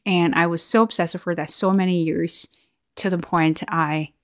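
Her voice is on the low side and steady, moderately paced, captured in studio quality with no room sound. She's a Chinese-accented video host from China, musing reflectively through a casual vlog with frequent fillers and restarts.

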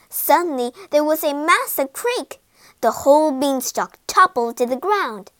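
A woman reading a children's fairy tale aloud with slow, expressive storybook narration. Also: high voice, no echo.

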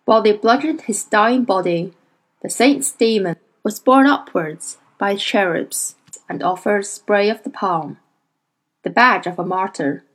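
A woman reading a novel aloud as audiobook narrator, measured and expressive. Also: mid-range voice, low-quality recording. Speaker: audiobook reader. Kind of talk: scripted narration.

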